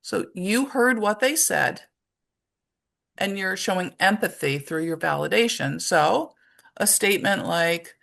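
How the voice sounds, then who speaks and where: A woman's voice: mid-range voice, expressive, a little slow, gravelly, fairly bright tone. A woman presenting a webinar to parents and teachers, speaking conversationally and explaining her points through everyday examples.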